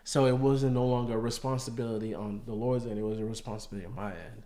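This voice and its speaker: A man's voice: mid-range voice, fairly even intonation, fast. A man telling how he met his wife, earnest, and holding back tears as he speaks. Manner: earnest, softens to near-tearful quietness. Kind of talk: casual storytelling.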